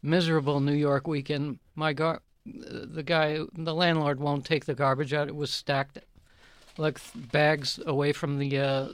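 Halting storyteller, higher male voice. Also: flat delivery, clean tone, no room sound. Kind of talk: casual anecdote.

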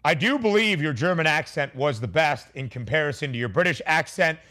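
Lively, animated sports show host man. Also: a little high, a little fast. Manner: lively, playful banter with guests. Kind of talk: energetic sports talk.

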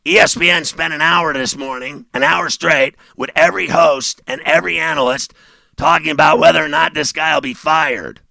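A male sports radio host delivering a sarcastic monologue, mocking and laughing, dropping low and then bursting out loud. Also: animated, moderate pace, creaky, dry recording.

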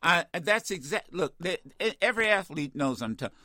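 A man's voice: fairly high pitch, animated, a little fast, sharp tone, no room sound, studio quality. A man hosting a call-in talk radio show, talking in a combative, emphatic way and often repeating himself.

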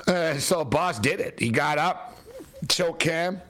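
A man hosting a podcast, telling a story in an animated, casual way with laughter. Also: on the high side, unhurried. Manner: animated, laughing, quoting others in voices. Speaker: podcast host.

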